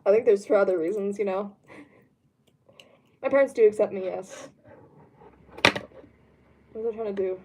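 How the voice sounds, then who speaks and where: A woman's voice: mid-range voice, moderate pace, long pauses, very noisy. A young woman chatting casually on a home stream, answering chat in a rambling way with lots of fillers. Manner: rambling, lots of ums, laughs easily. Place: home room.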